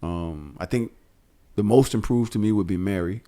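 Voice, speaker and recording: A man hosting a podcast in casual, profane chat, animated and often laughing. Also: lowish voice, normal speed. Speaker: podcast host.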